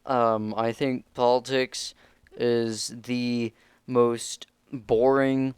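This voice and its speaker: A young man ranting casually to camera, with halting speech full of restarts and swearing. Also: medium pitch, level tone, clean tone, no echo. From United States. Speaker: vlogger.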